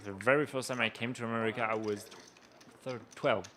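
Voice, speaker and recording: A man's voice: mid-range voice, a little hiss or hum. French-accented man commentating live poker. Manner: excitable, quick reactions with gasps and laughs.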